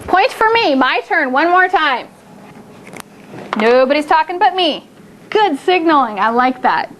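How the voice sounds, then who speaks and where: A woman teaching a phonics lesson to a small group of children, upbeat and encouraging, stretching out words slowly to model them. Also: sits high, sing-song, fairly bright tone, a little hiss or hum.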